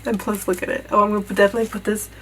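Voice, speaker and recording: Excited woman gushing over an unboxing, camera mic at home, some noise behind her. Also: medium pitch, poor audio. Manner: gushing, excited, fast bursts, often drops to a hush. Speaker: beauty vlogger. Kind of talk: casual unboxing vlog.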